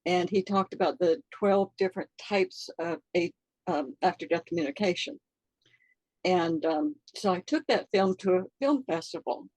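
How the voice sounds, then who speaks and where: An older woman telling a personal story in an interview, halting and earnest, with many fillers, close to tears. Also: on the low side, darkish tone, dry recording, low-quality recording. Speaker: interview guest.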